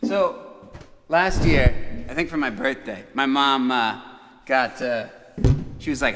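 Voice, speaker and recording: A man's voice: medium pitch, slow pace, long pauses, noisy background. A man, a musician hosting his own livestream, telling a family story in a rambling, chuckling way with plenty of fillers and restarts. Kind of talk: casual storytelling chat. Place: room called the bunker. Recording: long reverb.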